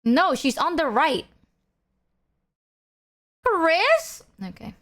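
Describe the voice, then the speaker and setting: High-voiced young woman chatting on stream. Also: very animated, extremely slow, fairly bright tone. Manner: chatty, swears casually, talks while chewing. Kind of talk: casual live-stream chat.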